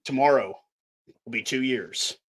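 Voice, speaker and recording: A man's voice: mid-range voice, a little slow, fairly bright tone. A man from Canada co-hosting a casual podcast, talking bluntly and ranting with plenty of swearing. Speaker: podcast co-host. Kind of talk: casual chat.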